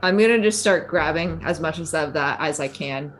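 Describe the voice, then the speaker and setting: A woman's voice: low voice, moderate pace. A woman playing in a tabletop game, speaking hesitantly with many fillers. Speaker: player. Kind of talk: tabletop role-play.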